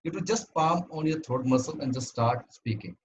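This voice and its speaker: A man's voice: a little high, fairly quick, dull audio. Man, club speaker, instructive and earnest delivery, faint noise in the background. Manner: earnest, instructive, paced in numbered steps. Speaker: club speaker giving a talk. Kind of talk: prepared talk on voice training.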